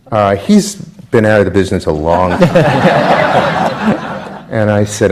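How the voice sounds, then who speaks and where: A man on a festival panel, recalling how a show began, with many pauses and restarts. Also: fairly low pitch, lively intonation, a crowd in the background. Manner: halting, many fillers and restarts. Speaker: producer on a panel. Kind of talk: anecdotal panel talk. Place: theater stage before a live audience.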